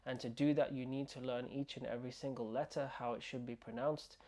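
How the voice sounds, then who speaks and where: A man teaching an online language lesson, slowly repeating words and sounds for the learner to copy. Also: mid-range voice, fairly even intonation, a little mellow. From United Kingdom. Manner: slow, repeating words and sounds to drill pronunciation. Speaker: Arabic teacher.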